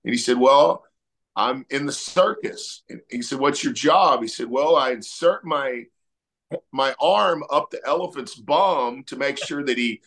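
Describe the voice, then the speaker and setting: Man, middle-aged, relaxed storyteller, lots of "you know". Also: medium pitch, a little slow. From Texas. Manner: relaxed storytelling, many fillers. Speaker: musician guest. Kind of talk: casual interview chat.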